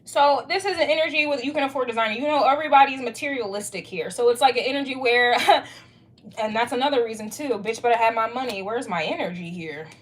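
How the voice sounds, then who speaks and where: A woman's voice: on the high side, quick pace. A young woman doing a casual tarot reading, blunt, emphatic and profane. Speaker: tarot reader.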